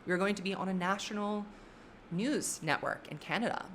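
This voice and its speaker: A woman giving casual, gushing reaction commentary on songs, excitable and swearing freely. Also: mid-range voice, normal speed, a little hiss or hum. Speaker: music reaction YouTuber.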